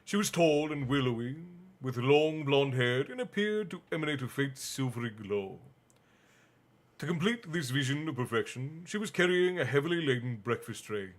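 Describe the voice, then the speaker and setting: A man reading a bedtime story aloud on a stream and chatting with viewers in a relaxed, chatty manner. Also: mid-range voice, normal speed. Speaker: stream host and reader. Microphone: streaming mic.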